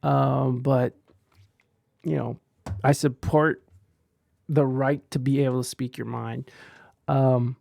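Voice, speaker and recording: A man's voice: mid-range voice, flat delivery, slow pace, creaky, pauses often, dark tone. A man hosting a podcast, rambling through casual commentary with stumbling restarts and crude jokes. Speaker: podcast host reading chat.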